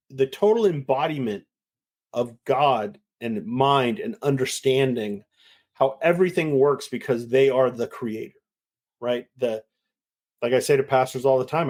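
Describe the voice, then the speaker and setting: Animated man telling a story. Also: medium pitch. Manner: animated storyteller acting out quoted voices. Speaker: winemaker guest. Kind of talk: casual chat.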